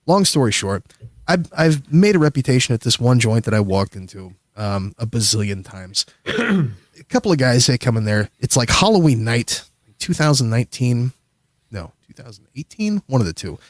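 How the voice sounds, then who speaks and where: A man's voice: medium pitch, sing-song, moderate pace, no room sound, studio quality. A man casually telling a long, rambling, profane story as a guest on a livestream. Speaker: streamer guest.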